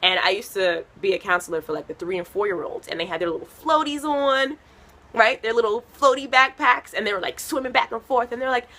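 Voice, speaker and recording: Brisk and sharp, her slightly high voice carries a stand-up comedy set. The comedian, who comes from a Haitian American family in the United States, tells chatty, rambling stories stuffed with fillers.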